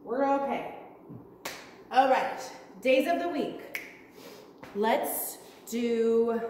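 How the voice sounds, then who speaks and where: Woman preschool teacher, fairly high voice, sing-song, child-directed, very echoey room, far from the mic. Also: a little mellow, slight background noise. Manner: slow, sing-song, talking to small children. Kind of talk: virtual preschool lesson. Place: at home.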